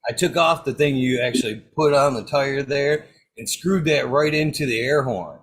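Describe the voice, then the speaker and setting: A man's voice: mid-range voice, moderate pace. A man in a casual podcast chat, rambling through job-site pranks, swearing and searching for words. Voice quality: gravelly.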